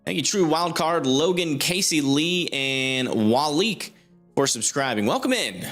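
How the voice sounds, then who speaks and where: A man's voice: fairly high pitch, animated, measured pace, a bit bright, soft background music. A young man hosting a live weather stream, commenting informally on a storm on radar, thinking aloud with many fillers. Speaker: storm chaser livestream host.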